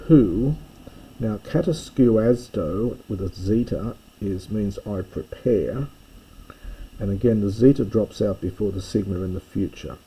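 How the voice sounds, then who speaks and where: A man teaches a language lesson at a deliberate, unhurried pace, working through each phrase and thinking aloud. His voice is low, gravelly and very dark, with a husky edge. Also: rough recording. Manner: slow, explanatory, thinking aloud. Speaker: Greek teacher. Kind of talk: recorded lesson walkthrough.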